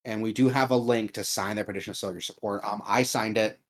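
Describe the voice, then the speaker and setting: A man co-hosting a casual podcast, talking in an earnest, measured way with frequent ums. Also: on the low side, fairly even intonation. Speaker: podcast co-host.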